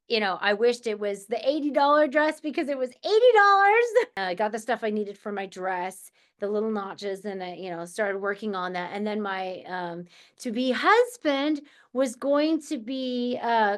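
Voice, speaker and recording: Woman chatting to camera, storytelling, bit high voice, plays out the back and forth herself. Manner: chatty, acts out both sides of remembered dialogue. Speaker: channel host. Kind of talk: casual storytelling monologue.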